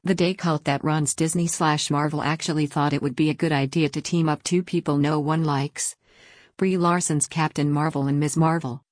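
A woman reading an opinion column aloud in an even, flat manner, with dry sarcastic asides. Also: sits low, dry recording. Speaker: article reader.

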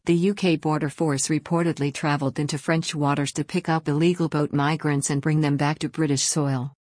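A woman reading out a written news article in an even, measured delivery. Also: deep voice, no room sound, clean studio sound. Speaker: news reader.

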